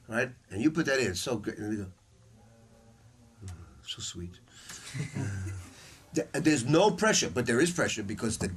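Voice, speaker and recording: A man's voice: medium pitch, husky. An older man teaching a saxophone masterclass in a casual, blunt way, with slang and the odd swear word. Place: music store room with students.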